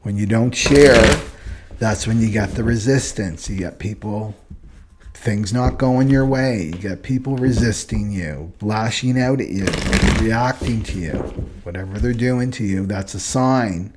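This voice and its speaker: An astrology and human design teacher gives a casual, rambling spoken lesson on personality types in a lowish voice at a measured pace, against a noisy background. He is earnest and often checks in with "right?"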